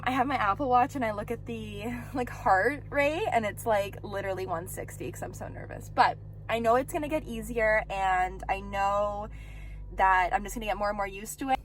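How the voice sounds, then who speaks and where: Young woman, vlog diary, candid and chatty, phone mic, faint hiss. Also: medium pitch. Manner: chatty and candid, with many fillers. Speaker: vlogger. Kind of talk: personal video diary. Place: inside a car.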